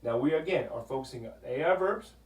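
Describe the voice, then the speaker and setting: A man teaching a Spanish grammar lesson, patient, repeating "okay?" often and sounding out words slowly. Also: medium pitch, lively intonation. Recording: echoey room, voice from a distance.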